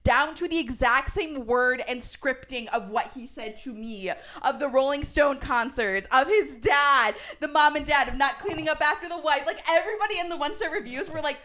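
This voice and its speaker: A young woman co-hosting a casual podcast, telling a story in an animated way and laughing as she goes. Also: high-pitched, normal speed, hardly any pauses, slight background noise. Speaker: podcast co-host.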